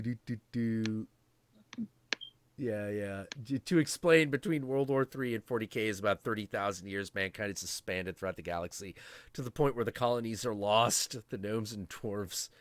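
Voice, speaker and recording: A man hosting a live stream, chatting casually in a rambling, profane way with quick asides and chuckles. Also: lowish voice, a bit bright, dry recording.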